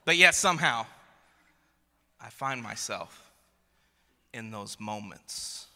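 The long reverb of a large hall surrounds a pastor in his thirties as he preaches, telling a funny story about his family with frequent restarts and repeated words. He takes it slowly, his medium-pitched voice animated, bright and forceful.

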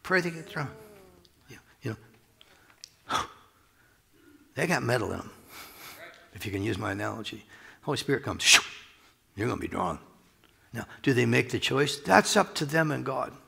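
A man's voice: medium pitch, animated, normal speed, gravelly, pauses often, fairly bright tone, breathy edge. A man preaching a sermon as pastor, talking in a loose, conversational way with chuckles and asides, recorded in a church sanctuary. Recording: long reverb of a large hall.

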